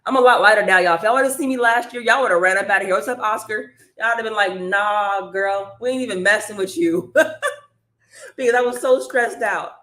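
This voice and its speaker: A woman coaching viewers on a live stream, chatty and energetic, calling the audience y'all. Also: fairly high pitch, brisk, reverberant. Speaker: online business coach.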